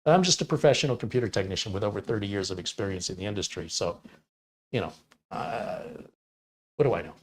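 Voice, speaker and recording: A computer technician in his fifties from Michigan, USA, chats casually with livestream viewers, answering them in a wry, opinionated way with sarcastic asides. His voice is on the low side, animated and quick, with a little hiss or hum.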